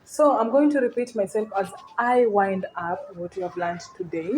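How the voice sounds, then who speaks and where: A woman's voice: mid-range voice, expressive, darkish tone, poor audio. Woman teaching words, faint noise. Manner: repeats words slowly, often checks "you getting me?". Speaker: language teacher. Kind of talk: casual language lesson.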